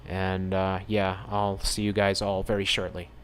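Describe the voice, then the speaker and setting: A man's voice: sits low, completely flat delivery, a little slow, slight background noise. A man hosting his own channel, reading news headlines aloud and ranting about them with indignant, sarcastic asides. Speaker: channel host.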